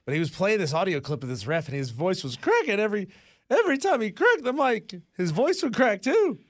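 A man co-hosting a sports talk radio show, chatting in an animated way. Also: sits high, brisk, no room sound, clean studio sound. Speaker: radio co-host.

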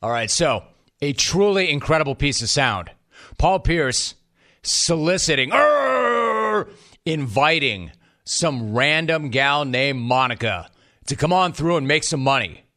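A man's voice: mid-range voice, lively intonation, a little slow, sharp tone. A man delivering scripted sports commentary in a wry, mocking way.

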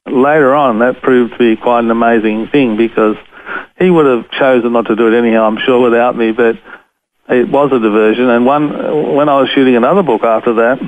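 An Australian man, a photographer interviewed as a guest, telling a story in a lively way and chuckling often. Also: medium pitch, fairly quick. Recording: tinny phone-line radio sound.

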